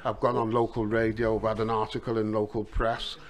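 A man's voice: fairly low pitch, fairly quick. Middle-aged man, Liverpool accent, podcast guest. Casual storyteller, easygoing and conversational. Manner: relaxed storytelling with many "you know" asides. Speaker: author and taxi driver.

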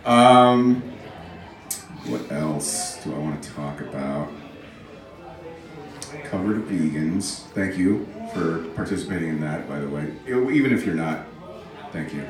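A male stand-up comic rambling through his set, mocking himself and teasing the crowd, his pitch bouncing lively. The sound is roomy, picked up from a distance on a club stage. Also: measured pace, pauses often, soft background music. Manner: rambling, self-mocking, audience banter. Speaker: stand-up comedian. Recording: roomy club, mic from far off.

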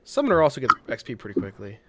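A man playing a game online with friends, joking and excitable. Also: mid-range voice, very fast, a crowd in the background. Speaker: player. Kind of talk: casual gaming chat. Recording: noisy mic with clicks.

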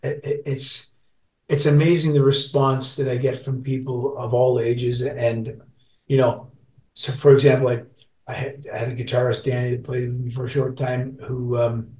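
A man's voice: mid-range voice, little pitch movement, moderate pace, dark tone. An older man in his sixties tells a long story as an interview guest, stumbling and restarting often. He sits away from the mic, so his voice comes through distant and roomy. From Scotland, raised in Canada. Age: 60s. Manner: rambling, many restarts and repeats. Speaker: guest musician.

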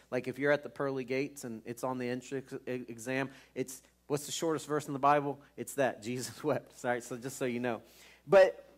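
A man preaching a sermon as pastor, retelling scripture in a conversational way with frequent restarts and repeated words. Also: on the high side.

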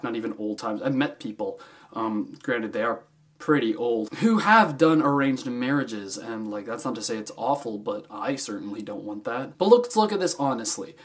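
A young man hosting his own vlog, talking casually and jokingly, swinging between loud bursts and quieter asides. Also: medium pitch. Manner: animated, jokey, swings between loud and soft. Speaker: vlogger host.

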